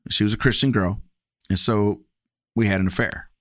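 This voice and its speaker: A man's voice: lowish voice, fairly even intonation, moderate pace, a bit bright, dry recording, clean studio sound. Candid man telling his life story. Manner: candid, acts out past dialogue with varied voices. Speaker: guest sharing testimony. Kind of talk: personal testimony, casual storytelling.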